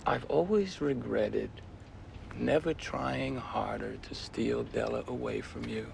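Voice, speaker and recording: Sly gravelly flirt. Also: male voice, medium pitch, takes it slowly, background noise. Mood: sly teasing. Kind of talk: television drama acting.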